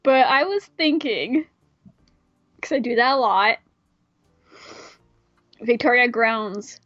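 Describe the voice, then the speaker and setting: A woman's voice: sits high, lively intonation, unhurried, fairly bright tone, no room sound, lo-fi sound. Irreverent woman reading a game aloud. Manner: irreverent, swearing asides. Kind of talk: casual read-through of a visual novel.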